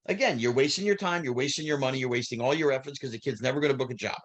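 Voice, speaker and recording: A man, a former child actor telling lively stories as an interview guest. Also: medium pitch, very fast. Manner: animated, acts out quoted people, restarts. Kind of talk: storytelling interview answers.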